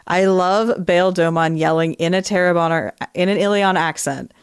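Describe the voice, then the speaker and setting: A young adult woman co-hosting a casual book discussion podcast, and she is animated, often laughing, and slips into playful accents whenever she reads quotes aloud. Her voice sits on the lower side for a woman. The recording is very dry and close. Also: moderate pace, clean tone, no room sound. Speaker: podcast co-host.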